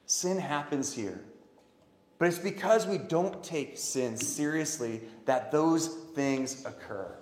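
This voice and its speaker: A man preaching a sermon, swinging from loud emphatic calls to quiet earnest pleas. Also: a little high, animated, slow pace. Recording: echoey hall.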